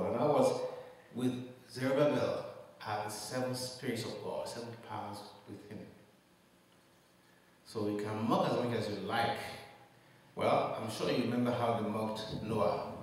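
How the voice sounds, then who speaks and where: Low-voiced preacher in an echoing hall. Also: male voice. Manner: preaching with rising emphasis and rhetorical questions. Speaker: pastor. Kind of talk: sermon. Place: church hall. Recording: echoey hall, mic at a distance.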